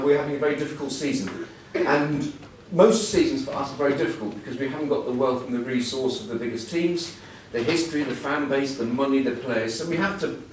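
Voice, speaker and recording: Middle-aged male guest speaker, anecdotal and wry, distant mic in a reverberant room with faint hum. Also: medium pitch. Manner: anecdotal, self-deprecating, chatty storytelling. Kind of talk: after-dinner style motivational talk. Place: large event hall before an audience. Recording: echoey hall, voice from far off. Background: audience laughter.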